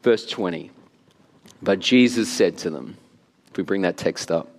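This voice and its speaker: An Australian pastor with an Australian accent preaches a sermon, telling stories animatedly and laughing often. His voice sits low and a little slow, with long hall reverb on the recording.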